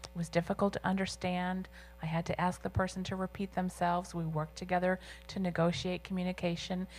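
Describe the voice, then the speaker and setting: A woman interpreting a deaf guest's signed answers aloud in an interview, with a measured and slightly halting delivery. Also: on the low side, level tone, a little mellow.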